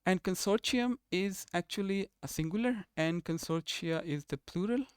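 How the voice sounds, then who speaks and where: Man lecturing with a crisp, dry voice. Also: high-pitched, normal speed, dry recording. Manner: explanatory, restates terms and rephrases often. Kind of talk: recorded university lecture.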